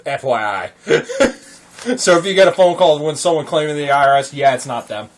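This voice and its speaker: Male host, higher-pitched, giggly and rambling, casual. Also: expressive, moderate pace. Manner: laughs often, rambling joking storyteller. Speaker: podcast host. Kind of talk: casual chat.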